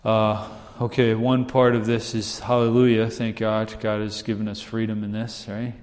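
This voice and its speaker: A lowish, darkish male voice with a level tone speaks at normal speed. The pastor's sermon is conversational, full of "right?" and acted-out characters, recorded with long hall reverb.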